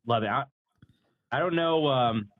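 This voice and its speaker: A man co-hosting a casual sports talk livestream, clearing his throat often and slightly losing his voice, over a tinny remote line. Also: medium pitch, measured pace, no room sound. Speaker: podcast co-host.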